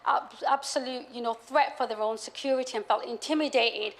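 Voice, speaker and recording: A woman's voice: fairly high pitch, steady tone, fairly quick. A woman speaking hesitantly at a council meeting, with many fillers and restarts. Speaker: council leader.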